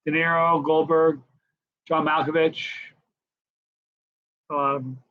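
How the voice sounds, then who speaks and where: A man in his sixties hosting a casual live stream Q&A, telling stories in a chatty, animated way. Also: a little high, takes it slowly. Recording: dull lo-fi live stream audio.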